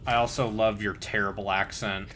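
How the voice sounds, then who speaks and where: A man's voice: on the low side, level tone, normal speed, a crowd in the background. Sarcastic young man streaming a game. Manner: sarcastic, swears a lot. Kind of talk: casual gaming chat.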